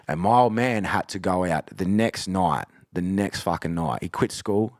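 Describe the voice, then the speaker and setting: A man's voice: low-pitched, normal speed, no room sound, studio quality. A man in his forties, a guest on a podcast, chatting casually, swearing constantly and asking "you know what I mean". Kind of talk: casual chat.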